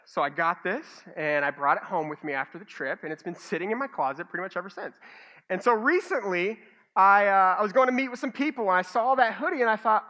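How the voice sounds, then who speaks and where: A male pastor delivering a sermon from a church stage. His voice is bright and forward, and he moves between earnest appeals and self-mocking stories told with plenty of animation. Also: sits high, expressive, fast.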